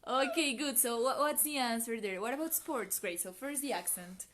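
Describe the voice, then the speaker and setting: A woman's voice: on the high side, moderate pace, fairly bright tone. A woman with an American accent hosting a live online English class, chatty, laughing often and asking the viewers questions.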